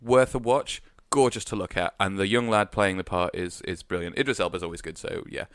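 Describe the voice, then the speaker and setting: A man's voice: low-pitched, steady tone, fairly quick, fairly bright tone, dry recording. A man co-hosting a podcast in a radio studio, rambling casually with lots of hesitant fillers. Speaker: podcast co-host. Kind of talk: casual chat.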